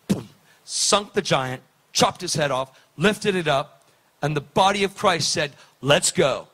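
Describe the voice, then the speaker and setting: A man preaching, telling a story with lively, preacherly delivery and acted-out dialogue. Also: on the high side. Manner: animated, preacherly, acts out dialogue. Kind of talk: sermon storytelling.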